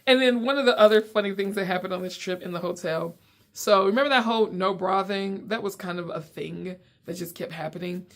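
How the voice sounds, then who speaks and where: A young adult woman from South Carolina telling a casual story on her own podcast, acting out quotes with big jumps in pitch. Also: a little fast. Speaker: podcast host and comedian. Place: at home.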